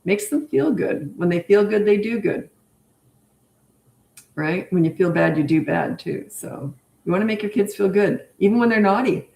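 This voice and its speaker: A woman's voice: medium pitch, animated, moderate pace, gravelly, mellow, roomy sound. An older woman and parenting coach answering viewer comments on a live stream, chatty and emphatic, repeating her key points.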